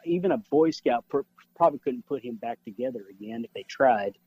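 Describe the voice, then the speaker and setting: A man's voice: medium pitch, expressive, brisk, dull audio, soft background music. A man co-hosting a casual wrestling podcast, trading wisecracks and one-liner insults. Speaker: podcast co-host.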